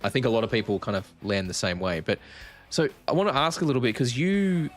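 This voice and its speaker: A man co-hosting a music chat stream, asking a guest questions in a halting, repetitive way. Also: medium pitch. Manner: halting, repeats words while asking. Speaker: podcast co-host. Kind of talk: casual interview questions on a livestream.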